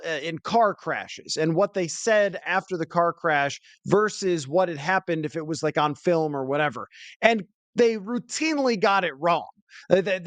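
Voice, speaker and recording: A man's voice: sits high, no echo. A man hosting a sports podcast, chatting casually and thinking aloud with asides. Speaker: podcast host.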